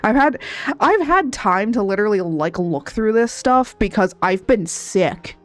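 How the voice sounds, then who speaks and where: A woman's voice: mid-range voice, lively intonation, measured pace. A woman from Texas chatting casually on a live art stream, rambling and laughing often, still sniffly and coughing as she recovers from being sick. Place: home streaming setup at a laptop. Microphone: desk mic, not a headset.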